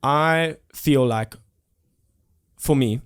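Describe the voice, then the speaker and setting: He draws out his words in a smooth, mid-range voice. A South African musician in his twenties, he's being interviewed casually and speaks earnestly and reflectively, restarting often and using many fillers.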